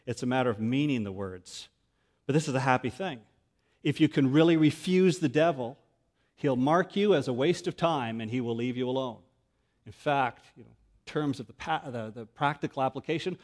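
A man preaching a sermon, earnest and methodical, working through numbered points and dropping low and quiet when he quotes scripture. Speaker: pastor.

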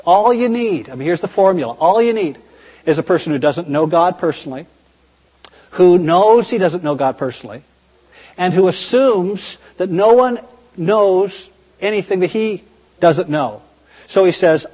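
Husky-voiced man preaching in a hall. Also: on the high side, darkish tone. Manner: conversational, emphatic, with rhetorical questions. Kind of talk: sermon.

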